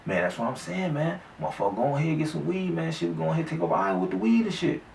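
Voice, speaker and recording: A man's voice: a little high, rapid-fire, gravelly, a little mellow, far from the mic, a little hiss or hum, pitched above the performer's own voice. A man voicing a shifty young male friend who mumbles evasively through profanity and filler. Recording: echoey room, off-mic.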